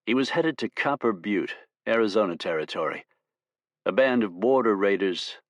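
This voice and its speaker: A man narrating an audiobook in a steady, measured storytelling voice. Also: fairly low pitch, dry recording.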